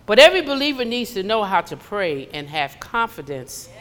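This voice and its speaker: A woman's voice: mid-range voice, big pitch swings, moderate pace, a bit bright. A woman preaching a conversational sermon in a church, slipping into acted asides. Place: church sanctuary. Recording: long hall reverb.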